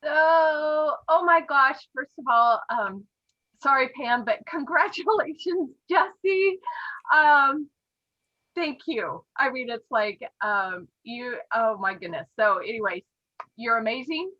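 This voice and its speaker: Casting: higher-voiced woman, slow and teary, gushing praise; dry, muffled call audio. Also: animated, no echo. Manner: gushing, tearful. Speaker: sponsor. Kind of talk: emotional tribute on a team call. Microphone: online group call.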